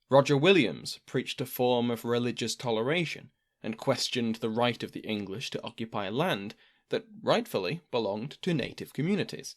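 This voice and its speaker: A man hosting a history podcast, reading a scripted narration in a measured storytelling manner. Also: medium pitch.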